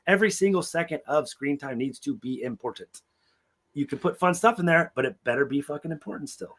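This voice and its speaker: A man's voice: a little high, lively intonation, fairly quick, fairly bright tone. A man co-hosting a podcast in casual chat, talking bluntly and cursing freely as he criticizes a TV episode. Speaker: podcast co-host.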